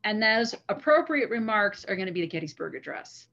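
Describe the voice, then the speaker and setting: A woman's voice: medium pitch, sing-song, a little fast, gravelly, a bit bright, highs cut off. Earnest woman lecturing on a video call. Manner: earnest storyteller, reads the speech with feeling. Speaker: guest presenter, historian. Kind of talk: online history lecture. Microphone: computer mic on a video call.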